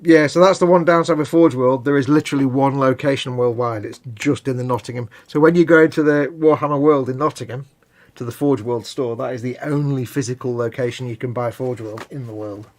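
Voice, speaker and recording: A man's voice: medium pitch, brisk, a little mellow. A man co-hosting a live hobby stream, explaining at length in a rambling, casual way with hedges and restarts. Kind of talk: casual chat.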